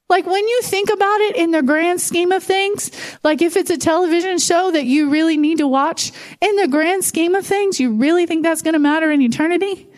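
High-voiced woman preaching conversationally. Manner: conversational, animated storytelling with fillers. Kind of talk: sermon. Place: church.

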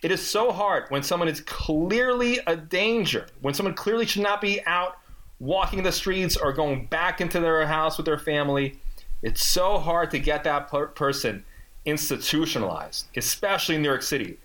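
A man telling a long story in casual chat, animated and sarcastic, acting out the people he quotes. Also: fairly high pitch, normal speed. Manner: animated, acts out quoted voices, jokey and sarcastic.

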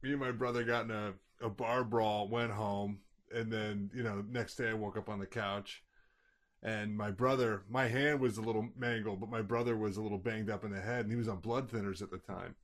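A man in a casual chat, a co-host who tells a short story in a relaxed, easy manner. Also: fairly low pitch. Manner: relaxed, quick back-channel agreement.

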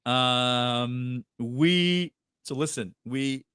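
A man's voice: mid-range voice, very slow, sharp tone, clean tone, dry recording, studio quality. A man co-hosting a podcast, telling a story in casual chat with lots of fillers, restarts and laughter. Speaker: podcast co-host.

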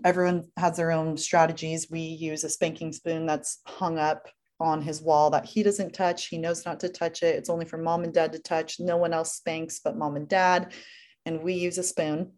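A woman's voice: deep voice, fairly even intonation, normal speed. Earnest young mother explaining steps. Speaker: guest mother. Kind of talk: casual interview chat.

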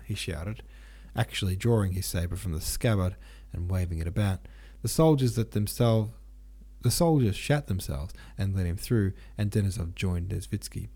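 A man's voice: deep voice, normal speed, warm tone, slightly rough. A man narrating an audiobook in a casual, slangy retelling.

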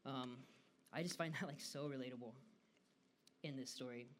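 A man's voice: mid-range voice, normal speed, fairly bright tone, a little hiss or hum. A young American man giving a casual devotional talk, chatty and full of fillers. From United States. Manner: casual and chatty, frequent "like" fillers, laughs often.

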